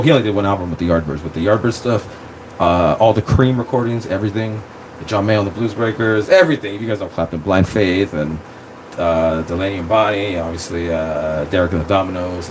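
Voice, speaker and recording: A man hosting a casual livestream, talking into his phone in a rambling, excitable way with plenty of swearing. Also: low voice, fast, slight background noise, poor audio. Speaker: streamer.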